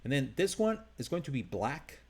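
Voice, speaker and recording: A man's voice: medium pitch, big pitch swings, normal speed, slightly rough. A man with a non-native English accent teaching a live design tutorial, talking casually and thinking aloud as he works. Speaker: design instructor.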